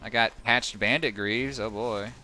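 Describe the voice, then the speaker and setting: A man live-streams a video game in a lowish, pushed, bright voice with fairly even intonation and a measured pace. His casual commentary is sarcastic and full of swearing at the game and rambling asides to chat, with game music and sound effects behind him.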